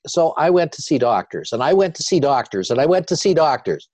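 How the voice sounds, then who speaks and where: An older man, a guest on an interview show, telling his story with animated repetition. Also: on the high side, a little fast, dry recording.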